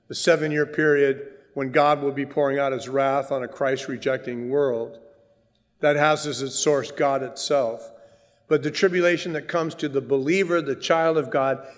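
Preaching man in a reverberant hall. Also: mid-range voice. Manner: earnest preaching, rises for emphasis, drops to asides. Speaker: pastor. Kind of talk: sermon.

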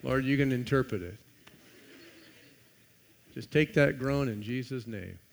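A man preaching a sermon, reading scripture aloud and swinging between loud emphasis and hushed, quiet passages. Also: medium pitch, a little slow, gravelly. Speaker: pastor.

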